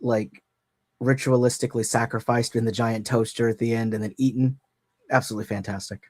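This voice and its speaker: A man on a casual podcast, talking bluntly with a sarcastic edge and plenty of swearing. His pitch is ordinary and the recording is dry. He sounds like he is on a remote call mic. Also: fairly even intonation, a little fast, darkish tone, dry recording. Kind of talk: casual chat.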